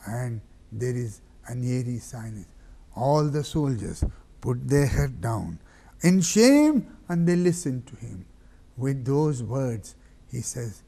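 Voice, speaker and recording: A man preaching a mourning sermon. He tells the story dramatically, dropping to hushed whispers and rising to loud cries. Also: medium pitch, expressive, takes it slowly, creaky, slightly rough.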